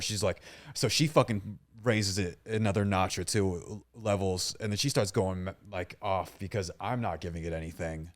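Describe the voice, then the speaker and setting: Deep-voiced man, blunt and profane. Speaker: podcast co-host. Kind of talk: casual chat.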